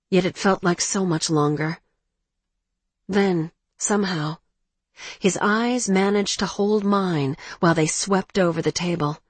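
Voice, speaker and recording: A woman narrating a first-person romance audiobook in a measured, emotional way. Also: fairly low pitch, breathy edge, no echo.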